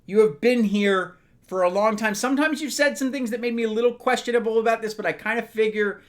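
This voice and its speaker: A man hosting a relaxed live stream from his home setup. He rambles and starts over, addressing his chat directly. He is a little loose from sipping bourbon. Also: high voice, fast. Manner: rambling, talks to chat by name, tipsy from bourbon.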